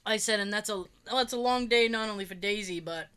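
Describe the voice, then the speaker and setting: A chatty woman co-hosting a casual podcast, telling stories from her week. Her voice is bright and forward. She coughs now and then. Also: mid-range voice, quick pace, smooth. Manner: chatty storyteller, acts out quoted voices. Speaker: podcast co-host. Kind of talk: casual chat.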